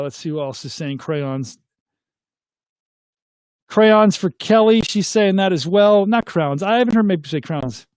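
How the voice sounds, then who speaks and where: A middle-aged man hosts a casual live chat, reading viewer comments aloud and tossing questions back to his audience. His voice sits fairly high for a man. The sound is close and dry. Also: darkish tone, no room sound. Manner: chatty, reads comments aloud and asks viewers to weigh in.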